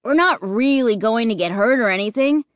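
A woman reading an audiobook, voicing an excited, reckless boy who talks high and loud. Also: normal speed, dry recording, clean studio sound, lightly acted. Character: excited reckless boy, thrill-seeking and gleeful.

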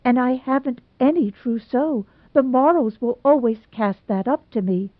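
Casting: woman as a timid young bride, high, breathless and pleading, on a tinny dry line. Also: moderate pace, dry recording, natural voice. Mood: fretful. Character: timid plump young bride, tearful and fretful. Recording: dry tinny phone-like sound.

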